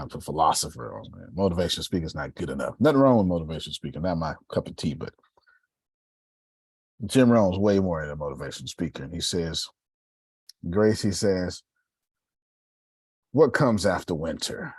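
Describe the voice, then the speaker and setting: Low husky-voiced preaching man. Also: no echo. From Galveston, Texas. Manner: preachy, builds to emphatic exhortations. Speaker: host. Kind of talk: motivational talk on a group call.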